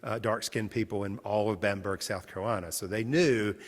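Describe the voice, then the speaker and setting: A man's voice: fairly low pitch, fairly even intonation, fairly quick, big-room sound. A male pastor giving a sermon, telling stories conversationally and retelling his interviews. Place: large church sanctuary.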